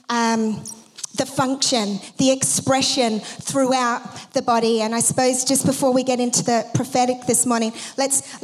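A woman pastor giving a conversational sermon, with frequent fillers and restarts as she talks. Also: high voice.

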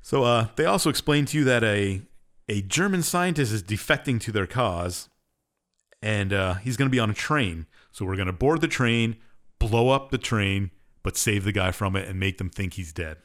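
A man's voice: on the low side, lively intonation, normal speed, fairly bright tone. A man co-hosting a podcast, casually retelling a game's story in a rambling, offhand way. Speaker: podcast co-host. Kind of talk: casual game recap chat.

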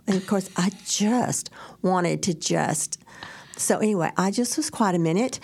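A middle-aged woman co-hosting a faith talk show, telling stories in an animated way, acting out quotes and laughing often. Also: mid-range voice, normal speed, gravelly, pauses often, breathy edge. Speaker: podcast co-host. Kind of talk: faith-based casual chat, storytelling.

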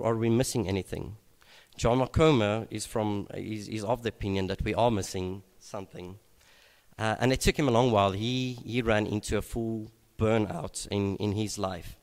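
A man preaching a sermon at an evening gathering, unhurried and reflective, with frequent hesitations and restarts. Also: lowish voice, fairly even intonation, darkish tone. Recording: long reverb of a large hall.

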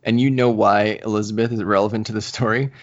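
Talking fast in a fairly low voice, a man co-hosting a podcast gives a casual, lively recap of a manga and voices the characters' lines himself. The audio is slightly dull and lo-fi.

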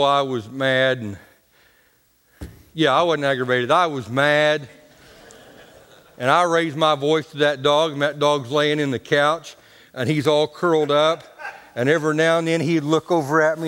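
A man's voice: mid-range voice, fairly bright tone, clean tone, big-room sound. A man preaching a sermon in a homespun, colloquial way, telling stories and talking to the congregation. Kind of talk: folksy storytelling sermon.

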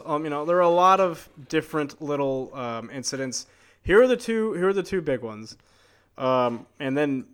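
A man co-hosting a casual podcast, reading out old legends from his notes in a chatty way, with fillers and quick asides. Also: on the high side. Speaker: podcast co-host telling the stories.

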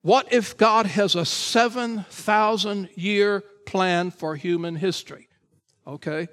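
A pastor delivers a Sunday morning sermon at a church service, speaking slowly. He is emphatic and repetitive, his voice climbing to shouts before dropping low.

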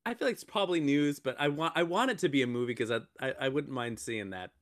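A man's voice: medium pitch, quick pace, fairly bright tone, no room sound, clean studio sound. A man co-hosting a casual podcast, joking and rambling, often stumbling over his words. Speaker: podcast co-host.

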